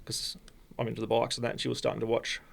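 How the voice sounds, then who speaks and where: An Australian man, a podcast guest, telling a personal story in a halting, rambling way with many restarts. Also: medium pitch, completely flat delivery, vocal fry. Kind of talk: casual storytelling.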